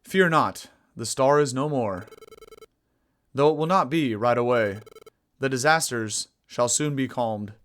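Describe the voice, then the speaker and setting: A man's voice: mid-range voice, measured pace, fairly bright tone, lightly acted. Guy reading a wise creature in a game, formal and a little raised. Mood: reassuring. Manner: formal, proclaiming.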